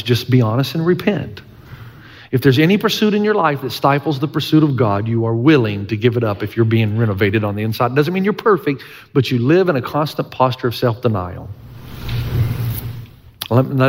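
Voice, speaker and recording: A middle-aged male pastor preaching a sermon, earnest and emphatic, with folksy humor and repeated key lines. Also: mid-range voice. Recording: long church-hall reverb.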